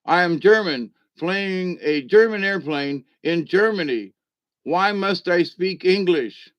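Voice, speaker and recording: Fields: figure: a man playing an indignant German airline pilot. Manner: stiff, defiant, fairly high, slow. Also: animated, a bit bright, no echo, full character voice.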